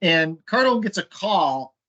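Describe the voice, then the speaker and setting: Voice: mid-range voice, sing-song, unhurried, pushed and bright, highs cut off. A podcast host guiding a casual chat.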